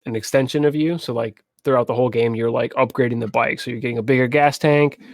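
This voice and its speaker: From a home streaming setup, a young male podcast co-host chats casually at a middle pitch, talking fast, swearing freely and doing funny voices for the people he quotes. The recording is close and dry, with no room sound.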